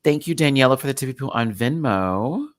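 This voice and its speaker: Woman host with a very low voice, animated, swears and laughs, rants about episodes on a dry mic. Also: brisk, no echo. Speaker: host of a live recap show. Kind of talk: casual ranting commentary.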